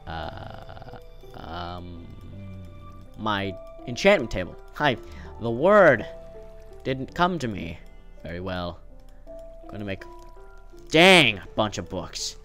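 A man's voice: lowish voice, fairly bright tone. A young man giving casual, rambling commentary while playing a game, talking to himself and the game, his voice cracking often. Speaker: gameplay video host. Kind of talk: casual let's-play commentary.

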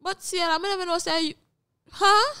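A woman's voice: very high voice, moderate pace. A young woman from Jamaica with a Jamaican accent, co-hosting a podcast in casual chat and acting out the people in her stories. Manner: animated storytelling, acts out quoted people. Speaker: podcast co-host.

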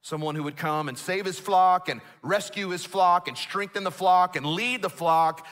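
A man's voice: sits high, normal speed, a bit bright. A man pastor delivering a sermon, emphatic and conversational, with asides to the congregation. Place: church auditorium.

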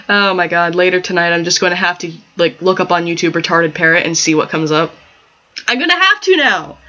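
Playing a life-sim game, a gaming channel host offers casual commentary, giggling often and drifting into chatty tangents. She speaks at medium pitch and normal speed with lively intonation and a bright, forceful tone; the home mic is dull and lo-fi.

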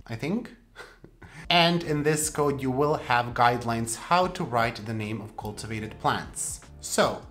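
Host: woman, low voice, playful teacher, soft music bed behind. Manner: playful, with sudden jumps in pitch for emphasis. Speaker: plant channel host. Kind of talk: casual instructional talk.

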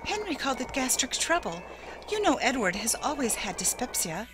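A woman's voice: sits high, very animated, normal speed, music in the background, pitched above the performer's own voice. A woman reading aloud and voicing a stern, defiant grieving woman with a hard, clipped voice in an audiobook.

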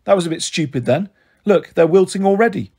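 A man's voice: high voice, animated, fairly quick, dark tone, breathy edge, heavily acted. A man voicing a weary, sore mother in a hospital bed who swears and complains in a groggy, blunt way.

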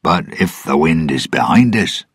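A man's voice: rumbling low, animated, a little slow, slightly rough, no room sound, clean studio sound, full character voice. A man voicing a worried older male ship's mate who calls orders urgently, in a storybook reading.

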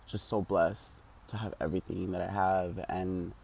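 Tearful guy in his 20s rambling at the camera, kinda low mellow voice. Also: fairly even intonation, moderate pace, vocal fry, slightly rough. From United States. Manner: rambling, heavy with fillers like "like" and "you know". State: tearful, crying at times. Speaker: vlogger. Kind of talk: emotional personal vlog rant.

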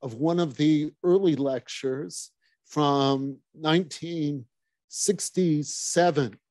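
A man presenting and introducing archive recordings, pausing and searching for words as he goes. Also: a little high, a little mellow, no echo.

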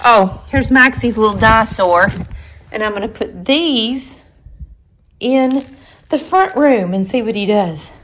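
Woman, cheerful dog vlog chatter, fairly high voice, slight background noise. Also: animated, measured pace, fairly bright tone. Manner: chatty, laughs often, baby-talks to dogs. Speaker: vlogger, dog owner. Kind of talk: casual vlog narration talking to her dogs. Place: home and backyard.

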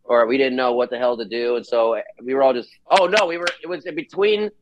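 Animated storytelling man from New Jersey. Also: mid-range voice, fast, lo-fi sound. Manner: animated storyteller acting out quoted dialogue. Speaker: guest musician. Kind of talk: casual chat.

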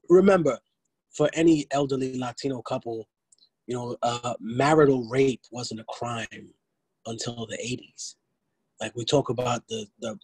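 A man's voice: mid-range voice, slightly rough, no echo, poor audio. A man, giving a blunt, streetwise lecture to students, with frequent profanity and restarts. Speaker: guest lecturer.

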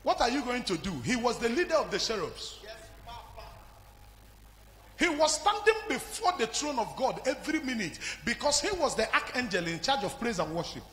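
A man with a Nigerian accent preaching a fiery sermon as pastor, swinging from hushed to shouting. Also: very high-pitched, big pitch swings, normal speed. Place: large church hall. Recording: live hall with music behind.

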